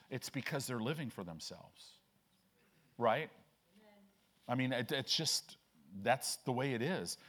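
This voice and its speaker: A man's voice: mid-range voice, fairly bright tone. A man preaching a conversational sermon as pastor, often asking "right?", acting out quoted voices and reading scripture aloud. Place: church sanctuary.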